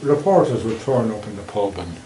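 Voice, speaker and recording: A man's voice: fairly low pitch, animated, a little fast, dark tone, a little hiss or hum, rough recording. A man with an Irish accent giving a local history talk with slides, telling stories in a chatty, wry way. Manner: anecdotal, chatty, wry asides.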